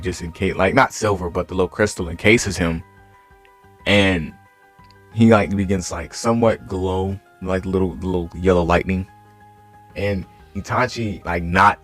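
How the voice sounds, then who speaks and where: A young man casually retelling an anime what-if story, rambling with lots of fillers. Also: deep voice. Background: faint music.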